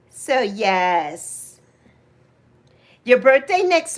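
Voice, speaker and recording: Lady in her 60s chatting on her livestream, high lively voice, takes her time. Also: drawn-out words, long pauses. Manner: chatty, affectionate, greets viewers by name, laughs often. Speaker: livestream host. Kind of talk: casual livestream chat reading comments.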